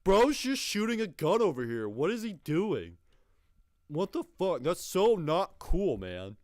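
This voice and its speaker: A man's voice: mid-range voice, darkish tone, clean tone, no room sound, clean studio sound. A man hosting a reaction video, talking casually with exasperated, profane remarks and laughing asides.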